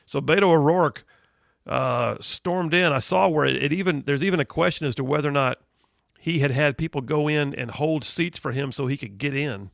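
A man's voice: fairly high pitch, normal speed, creaky, no room sound, clean studio sound. A man hosting a political talk show, giving indignant, emphatic commentary and reading out news items. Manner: reads out news headlines. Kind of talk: opinionated commentary.

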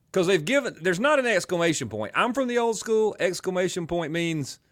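A middle-aged radio host with a twangy Southern drawl from Alabama, talking in an animated, rambling way. His voice sits a bit high for a man and swings widely in pitch. He keeps drifting into joking asides. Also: normal speed. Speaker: radio talk show host. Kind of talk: casual talk radio banter.

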